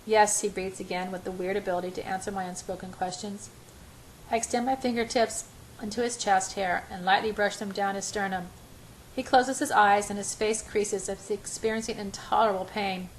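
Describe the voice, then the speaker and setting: A woman's voice: mid-range voice, fairly even intonation, a little fast, a little hiss or hum, poor audio. A woman reading a first-person romance novel aloud in a breathless, emotional way. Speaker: audiobook reader.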